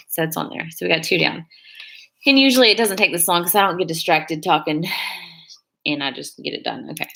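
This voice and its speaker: With a deep, creaky voice and a sharp tone, a young beauty vlogger rambles through casual live-stream chat as she works on her nails, hedging at every turn.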